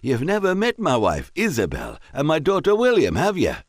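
A tipsy gentleman farmer, jovial and rambling, his words slurred and his voice pitched well up and swinging all over the place. A man puts him on while reading a storybook aloud. The reading is close and dry. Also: wildly swooping pitch, normal speed, no echo, exaggerated voice. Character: merry drunk middle-aged Scottish squire.

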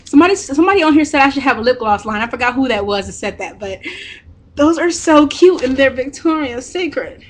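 A young woman with a high voice chats excitedly through an unboxing vlog. She gushes, squeals over each item and laughs easily. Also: brisk. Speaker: vlogger.

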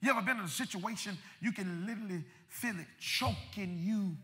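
A male pastor preaching a sermon in a church sanctuary, his impassioned delivery swelling into shouts and driving through rhythmic repetition. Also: sits high, a little fast, long reverb tail.

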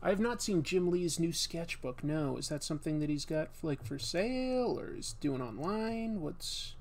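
A man from Massachusetts hosting an art livestream, chatting casually as he draws. His talk rambles along with plenty of fillers, and his voice sits a touch higher than most men's. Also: moderate pace, a little hiss or hum. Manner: relaxed and rambling, with many fillers. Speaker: livestream host and artist. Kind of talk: casual chat while drawing.

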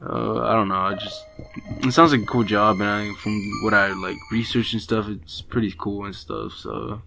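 A man's voice: fairly low pitch, steady tone, normal speed, creaky. A man in his late teens from Las Vegas, chatting casually through a let's play at home and calling everyone bro. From Las Vegas, Nevada. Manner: casual and slangy, keeps saying bro. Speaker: gamer. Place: home with brothers nearby. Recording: game music behind the voice.

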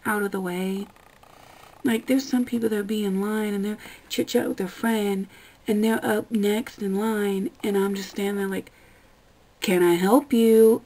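A young woman rants about her workday in a casual vlog, exasperated and sarcastic, swearing freely. Her voice has a gravelly fry and a dark, mellow tone. She keeps slipping into mock voices to act out the customers. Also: mid-range voice, rough recording. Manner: acts out customers in quoted voices. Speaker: vlogger. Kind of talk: casual ranting monologue.

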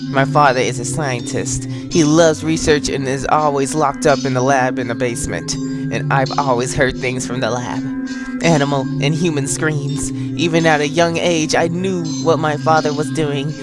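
A man voicing a timid, frightened young girl in a horror game, speaking softly and hesitantly. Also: fairly high pitch, fairly even intonation, normal speed, loud music behind the voice, close to an everyday voice. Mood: wistful.

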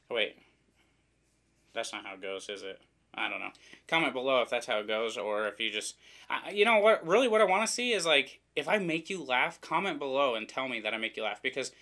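Man from the Midwest, bright forceful voice, casual unboxing chatter, rambling and jokey. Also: mid-range voice. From American Midwest. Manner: rambling, joking, self-deprecating. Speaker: vlogger reviewing products.

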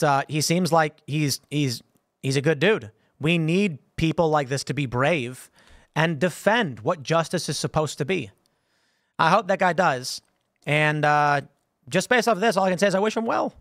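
Guy hosting a commentary show, kinda high voice, keeps tripping over his words, dry studio mic. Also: fairly bright tone, no room sound. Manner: stammering restarts, repeating words. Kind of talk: casual commentary monologue.

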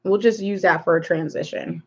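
A woman's voice: fairly low pitch, brisk, slightly rough, muffled recording. A woman hosting a live makeup tutorial, chatting casually and rambling while she greets viewers by name. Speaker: makeup livestream host.

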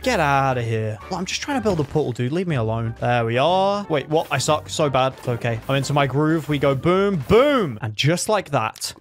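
A man giving excitable gameplay commentary, yelping and laughing at his own game. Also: mid-range voice, moderate pace, hardly any pauses. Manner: excitable, yelps and laughs, self-mocking. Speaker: gaming YouTuber.

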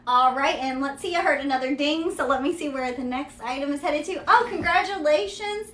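A woman's voice: high-pitched, brisk, a bit bright, roomy sound. A woman from Kentucky with a Southern drawl, hosting a live-stream sales showcase in a chatty, upbeat way. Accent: Central Kentucky Southern drawl. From Kentucky, USA. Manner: chatty and upbeat, filler-heavy ("yeah", "there you go"). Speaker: host selling vintage luxury bags.

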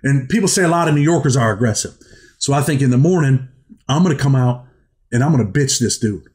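A man's voice: medium pitch, animated, quick pace, a little mellow. A man from New York hosting his own channel, telling a story in casual street slang and acting out quoted lines. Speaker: host telling his prison stories.

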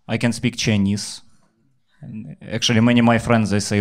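Deadpan Ukrainian stand-up comic. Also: male voice, medium pitch, moderate pace. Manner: deadpan, blunt, swears freely. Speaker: stand-up comedian. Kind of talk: stand-up comedy set.

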